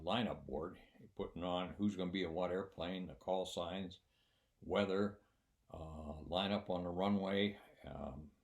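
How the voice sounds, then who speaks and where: Older guy, ex flight instructor, low voice, rambles with lots of ums and dry jokes. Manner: rambling, with many fillers and dry humor. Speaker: former military flight instructor. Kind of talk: casual spoken anecdote.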